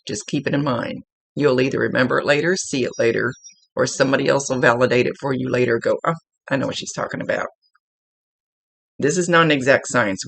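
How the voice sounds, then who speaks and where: A woman's voice: a bass voice, vocal fry, poor audio. A woman psychic medium giving a casual spoken reading, chatty and explanatory with folksy asides.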